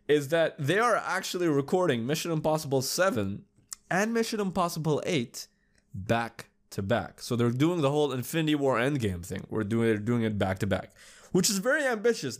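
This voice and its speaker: A young man hosting a podcast, chatting casually in a loose, rambling way with lots of swearing. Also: medium pitch. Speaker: podcast host. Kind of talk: casual solo commentary.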